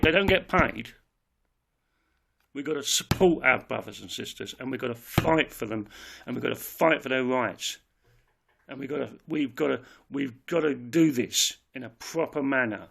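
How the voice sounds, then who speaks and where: A man's voice: mid-range voice, vocal fry, fairly bright tone. A man giving an impassioned political monologue, emphatic and repetitive, swearing as he rants. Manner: ranting, emphatic, swears, repeats himself. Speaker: political speaker.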